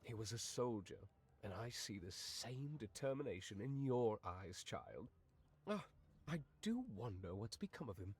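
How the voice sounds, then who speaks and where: An actor playing a kind, wistful older man who misses his soldier brother, talking gently and slowly. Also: fairly low pitch, big pitch swings, slightly rough, full character voice.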